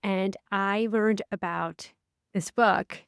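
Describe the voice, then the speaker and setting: A woman co-hosting a casual podcast, a life coach who tells stories with lively, acted-out quotes. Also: slow pace, vocal fry, clean tone, dry recording, clean studio sound. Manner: animated storyteller, acts out quotes with big pitch swings.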